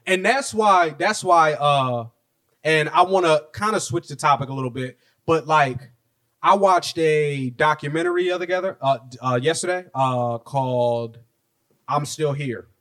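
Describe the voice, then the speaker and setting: A man co-hosting a casual podcast chat, laughing often and breaking into high-pitched impressions. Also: normal speed, a bit bright. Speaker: podcast co-host.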